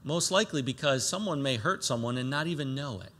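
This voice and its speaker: A man preaching with a bright, forceful tone at a middle pitch. He reads scripture aloud and then explains it earnestly. He rises to emphatic lines and drops to soft, low asides. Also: lively intonation, fast. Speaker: pastor. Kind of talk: sermon.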